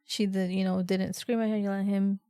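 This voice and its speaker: A woman's voice: medium pitch, flat delivery, a little fast, mellow, no room sound. A woman co-hosting a casual podcast who gives blunt, opinionated verdicts. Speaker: podcast co-host. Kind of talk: casual chat.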